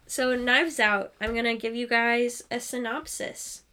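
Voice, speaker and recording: A woman's voice: a little high, fairly even intonation, a little slow, sharp tone, smooth. A young woman co-hosting a casual podcast, upbeat, reading facts from her notes. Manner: upbeat, reads notes aloud. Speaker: podcast co-host. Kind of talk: casual chat with read-out facts.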